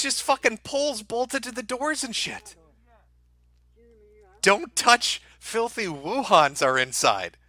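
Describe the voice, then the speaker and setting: A man's voice: extremely high pitch, lively intonation, slow pace, bright, forceful tone, no echo. A man hosting a livestream, reacting to videos with crude, laughing, riled-up commentary. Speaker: livestream host.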